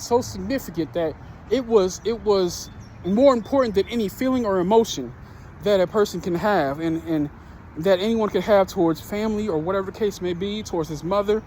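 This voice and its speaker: Earnest high-voiced man preaching. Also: a little mellow, a little hiss or hum. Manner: earnest, repetitive storytelling with restarts. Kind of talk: sermon.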